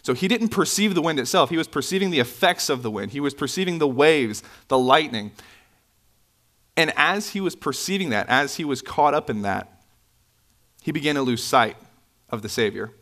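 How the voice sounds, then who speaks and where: A man preaching a sermon in a church, conversational with asides and self-corrections, his pitch jumping up when he stresses a point. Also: moderate pace. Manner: animated, pitch swinging up for emphasis. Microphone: microphone, sometimes bumped.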